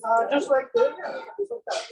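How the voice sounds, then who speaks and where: A man's voice: very high voice, very animated, moderate pace, distant mic, a crowd in the background, low-quality recording. A man giving a playful, jokey show-and-tell presentation on old inventions to an audience. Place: senior center room.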